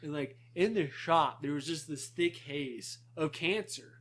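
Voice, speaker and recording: A man's voice: on the high side, a little slow, a bit bright. A young man co-hosting a podcast, rambling in casual chat, swearing a lot and laughing often. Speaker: podcast co-host.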